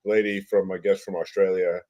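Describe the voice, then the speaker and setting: A man co-hosting a casual chat, halting and searching for words. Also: deep voice, flat delivery, darkish tone.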